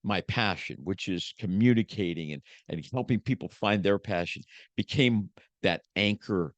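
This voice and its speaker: A man, a motivational speaker, giving an emotional personal testimony as a podcast guest, shifting from hushed to emphatic like a preacher. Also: low voice, moderate pace, dry recording, dull audio.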